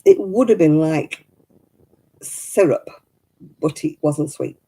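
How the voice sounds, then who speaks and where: A woman's voice: low-pitched, expressive, slow pace, mellow, breathy edge, rough recording. A middle-aged woman chatting casually at home while she crafts. She tells stories and laughs often. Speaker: craft vlogger.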